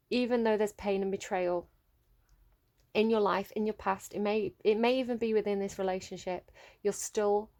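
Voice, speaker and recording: Gentle woman reading tarot. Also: medium pitch. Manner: gentle, emotive, searching for words with many fillers. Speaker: tarot reader.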